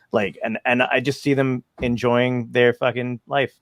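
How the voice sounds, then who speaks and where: A comedian hosting a podcast rambles through a loose, casual chat at a mid-range pitch. He swears freely and pokes fun at himself. His voice sits close and dry, with no room sound around it. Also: flat delivery, moderate pace, hardly any pauses, no echo.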